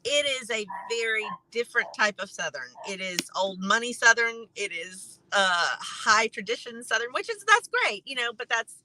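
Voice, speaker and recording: A woman giving her take in a casual panel chat, chatty and quick to laugh. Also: a little high, very animated, sharp tone, a little hiss or hum, rough recording. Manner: chatty, laughs often, loose phrasing. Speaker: panel guest.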